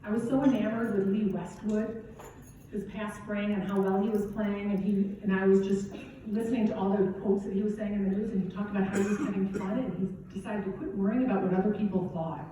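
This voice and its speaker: Mellow-voiced woman in a very echoey hall. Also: medium pitch, steady tone, quick pace, a little hiss or hum. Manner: casual and conversational, often asks "right?". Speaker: golf coach and keynote speaker. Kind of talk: motivational keynote speech. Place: event hall at a golf championship. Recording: very echoey hall, distant dull mic.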